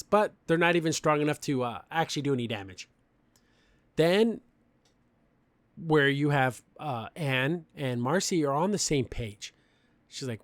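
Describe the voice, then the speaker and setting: A man's voice: on the high side, no room sound. A young man hosting a podcast, recapping a cartoon episode in a chatty, opinionated way with lots of fillers. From Mexican family background. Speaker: podcast host.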